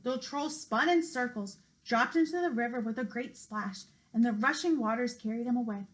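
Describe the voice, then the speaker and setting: A woman, a preschool teacher, reading a picture book aloud to young children with expressive, sing-song storytelling. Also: a little high, normal speed, poor audio. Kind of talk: children's read-aloud narration.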